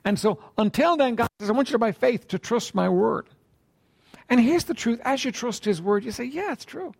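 A man preaching a sermon in a conversational way, asking rhetorical questions and often clearing his throat. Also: extremely high pitch, normal speed, darkish tone.

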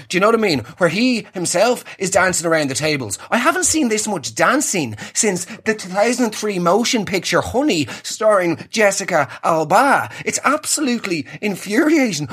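Man, young adult, comedian, husky voice, sarcastic rant, squeaky outbursts and low grumbles. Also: fairly bright tone. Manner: exasperated, sarcastic, swings between high squeals and low mutters. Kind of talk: comic rant monologue.

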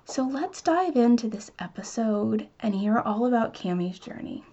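A woman's voice: a little high, animated, normal speed, warm tone, dull audio. A woman hosting a podcast, reading a scripted intro and then welcoming her guest in an upbeat, enthusiastic way. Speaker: podcast host.

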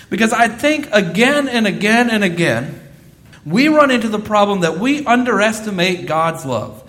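A man's voice: a little high, fairly bright tone. A man in his thirties preaching a sermon, earnest and repeating phrases for emphasis. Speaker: pastor.

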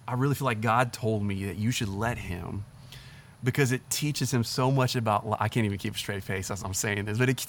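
A young man preaching in a relaxed, conversational way, animated and chatty as if talking with friends. His voice sits at an ordinary middle pitch. Faint crickets and insects chirp quietly behind him. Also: a little hiss or hum. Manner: animated, chatty, says "like" and "literally" often. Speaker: pastor. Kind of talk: casual conversational sermon.

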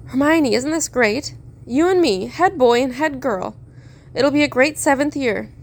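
A woman's voice: high-pitched, lively intonation, measured pace, pitched above the performer's own voice, full character voice. A woman reading a storybook voices an exuberant teenage boy who talks eagerly and drawn out.

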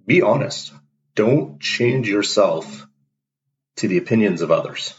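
Deep-voiced guy ranting blunt life advice, emphatic, kinda dull lo-fi sound. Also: animated, a little slow, slight background noise. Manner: blunt, emphatic, acts out everyday dialogues. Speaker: host. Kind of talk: motivational monologue. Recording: dull lo-fi recording.

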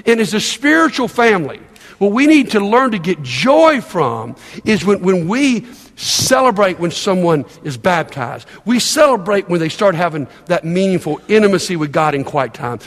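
An older man preaching a sermon, telling stories with lively delivery and acting out the voices of the people he quotes. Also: high voice, moderate pace. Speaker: pastor. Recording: long reverb of a large hall.

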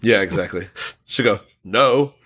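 A man's voice: medium pitch, moderate pace, a bit bright. A man co-hosting a casual podcast, reading out listener comments and laughing often. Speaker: podcast co-host.

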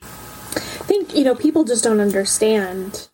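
A woman's voice: a little high, expressive, a little slow, dark tone, a little hiss or hum, rough recording. A woman co-hosting a true-crime podcast in casual chat, reading case details aloud in between. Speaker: podcast co-host.

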